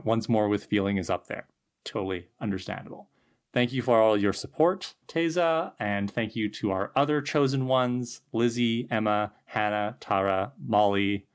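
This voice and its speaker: A woman co-hosting a casual podcast, musing thoughtfully and chatting with quick asides. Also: a bass voice, clean tone. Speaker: podcast co-host.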